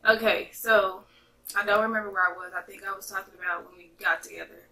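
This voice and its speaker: A young woman from North Carolina telling a chatty, animated storytime to her viewers. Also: medium pitch, fast talker, far from the mic, rough recording. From North Carolina, USA. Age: young adult. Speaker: vlogger. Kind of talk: casual storytime vlog.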